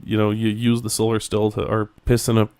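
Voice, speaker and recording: A man's voice: lowish voice, monotone, a little mellow, clear, resonant tone. A man co-hosting a podcast in casual, profane banter, rambling and laughing easily. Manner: rambling, swears freely, quick to laugh. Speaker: podcast co-host.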